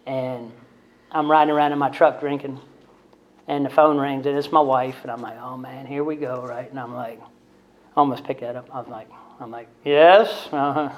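A man's voice: medium pitch, level tone, normal speed. A man telling his recovery story to a group in a blunt, conversational way, often tagging lines with "right?" and "man", with self-deprecating humor. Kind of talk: candid storytelling talk to a group. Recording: dull lo-fi recording.

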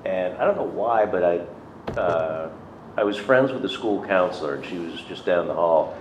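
A man's voice: sits low, expressive, normal speed. A middle-aged man telling a personal story in a conversational, self-deprecating way, acting out the people he quotes. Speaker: recovery speaker sharing his story. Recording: roomy, dull lo-fi recording with faint noise.

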